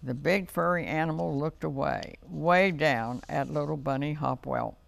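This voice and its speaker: A man reading a children's storybook aloud for a TV story time, in a slow, gentle read-aloud manner. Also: fairly high pitch, creaky, dry recording.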